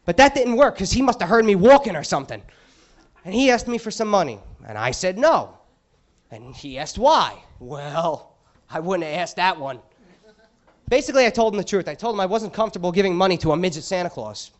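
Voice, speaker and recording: A male stand-up comic performs in a club, ranting crudely and sarcastically about his frustrations. His voice sits high and swings widely in pitch. The live recording sounds dull and lo-fi. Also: sing-song, brisk. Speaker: stand-up comedian. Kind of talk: stand-up comedy set. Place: comedy club stage.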